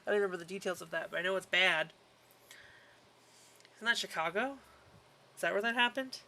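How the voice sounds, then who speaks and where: A man's voice: high-pitched, brisk, gravelly, sharp tone. A man streaming a game live, chatting casually and laughing often as he rambles about the game's lore. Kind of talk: casual live gameplay commentary.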